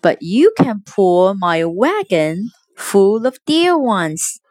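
A woman's voice: medium pitch, sing-song, slow, a little mellow, dry recording. A woman voicing a polite, motherly bunny who asks for help in a storybook reading. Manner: polite, asking.

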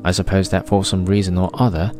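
Low-voiced man narrating a novel. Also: little pitch movement, a little mellow. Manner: measured, literary first-person reading. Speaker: audiobook narrator. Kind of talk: scripted narration. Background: faint guitar music.

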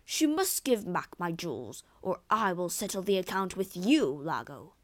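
A woman's voice: fairly low pitch, big pitch swings, normal speed. A woman voicing an angry young male suitor who howls complaints. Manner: howling, complaining.

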